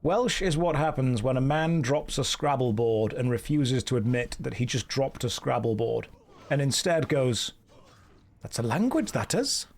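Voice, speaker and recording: A man with a British received pronunciation accent, chatting casually as a streamer during a game with dry, deadpan jokes. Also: medium pitch, normal speed, gravelly.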